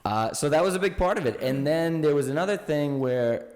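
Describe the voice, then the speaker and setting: A man's voice: a little high, brisk, big-room sound. A man telling stories in a casual podcast chat, acting out the voices of the people in them. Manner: animated storyteller, acts out quoted voices. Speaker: podcast guest, local history storyteller.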